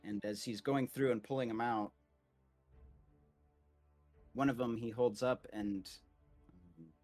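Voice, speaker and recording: A man's voice: medium pitch, steady tone, takes it slowly, darkish tone, soft background music. A man narrating a tabletop game as game master in a casual, rambling way, full of "like" fillers.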